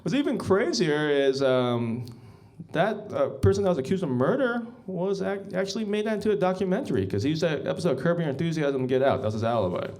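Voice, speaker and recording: Animated man doing rambling stand-up. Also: fairly high pitch, fast talker. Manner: rambling deadpan storytelling with many ums, often says "guys". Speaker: stand-up comedian. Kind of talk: stand-up set.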